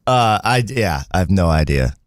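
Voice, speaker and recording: A man's voice: low voice, expressive, moderate pace. A man co-hosting a casual livestream chat, joking, laughing and reading viewer comments aloud. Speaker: co-host.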